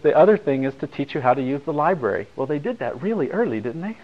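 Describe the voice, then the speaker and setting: A man's voice: a little high, expressive, fast. A man speaking to an audience at a talk, telling a story in a casual, wry, digressive way. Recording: slightly dull recording.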